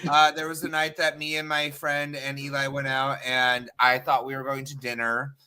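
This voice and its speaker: A man in casual podcast chat, animated and exclaiming as he tells a drinking story. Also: mid-range voice, normal speed, a crowd in the background. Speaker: podcast co-host.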